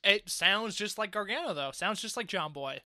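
High-voiced guy cohosting a podcast, wry and easygoing, dry sound. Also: expressive, normal speed, pushed and bright, no room sound. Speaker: podcast co-host. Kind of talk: casual chat reviewing a wrestling show.

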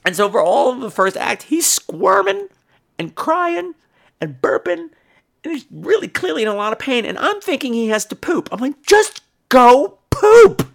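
Animated, lively man telling a comic story. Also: very high voice, moderate pace, vocal fry. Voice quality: animated, profane, theatrical. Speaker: podcast host.

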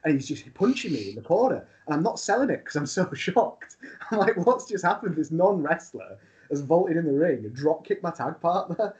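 A man, a wrestler guest, telling a long funny story in a casual, animated way with laughs. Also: fairly high pitch, moderate pace, dull audio.

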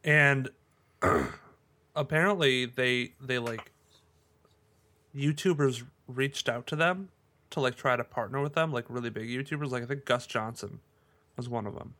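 A man's voice: medium pitch, measured pace, pauses often, pushed and bright. A man co-hosting a podcast in casual chat, joking and laughing often, rambling with fillers. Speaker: podcast co-host.

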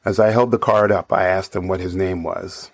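A man, a bartender, calmly narrating a story from behind the bar. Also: sits low, moderate pace, no room sound.

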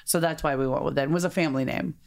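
A woman co-hosting a podcast in casual chat, talkative and quick to laugh, acting out her own thoughts in quoted voices. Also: sits low, vocal fry. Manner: chatty, laughs often, quotes herself in lively voices. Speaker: podcast co-host.

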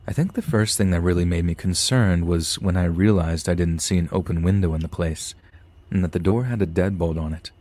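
A man's voice: low-pitched, fairly quick, mellow. A man, a podcast host, reading a scary story aloud with some dry asides.

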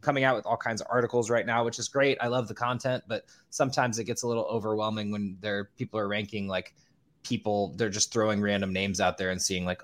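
A man's voice: on the low side, fairly even intonation, quick pace, fairly bright tone. Rambling, agreeable male co-host. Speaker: podcast co-host. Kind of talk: casual chat.

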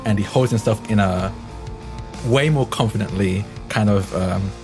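A man's voice: fairly low pitch, moderate pace, music in the background. A man playing a tabletop game, describing his character's transformation in a chatty way, laughing and searching for words. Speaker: player.

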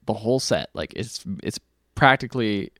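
A man's voice: lowish voice, expressive, moderate pace, fairly bright tone, dry recording, clean studio sound. A man co-hosting a podcast, retelling a film scene by scene in a rambling, casual way full of filler words. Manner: rambling, filler-heavy retelling with many likes. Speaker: podcast co-host. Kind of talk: casual movie recap chat.

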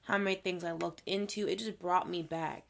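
Woman, Minnesotan accent, casual podcast chat, gravelly, animated, swears a lot. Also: lowish voice, moderate pace, a crowd in the background. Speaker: podcast co-host.

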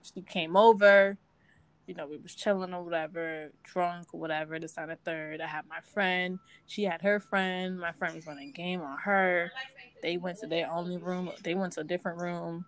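A woman's voice: lowish voice, fairly even intonation, normal speed. A young woman in casual podcast chat, telling a candid, rambling story full of fillers.

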